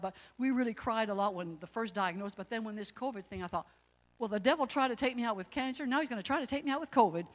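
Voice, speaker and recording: A middle-aged woman telling her personal testimony in a casual, animated way, with emotional religious exclamations. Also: mid-range voice, big-room sound. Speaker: guest sharing a testimony.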